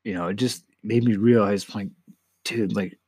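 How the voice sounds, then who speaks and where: A man's voice: on the low side, fairly even intonation, normal speed, a little mellow, breathy edge, dry recording. An eighteen-year-old man hosting a casual solo podcast, talking candidly and emotionally in a rambling way with frequent swearing. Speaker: podcast host.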